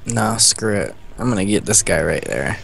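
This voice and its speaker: A man's voice: fairly low pitch, big pitch swings, normal speed, vocal fry, a bit bright, a little hiss or hum. A man playing along in a game, chatting casually and throwing out laid-back trash talk at opponents. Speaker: fellow player. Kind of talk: casual gaming chat.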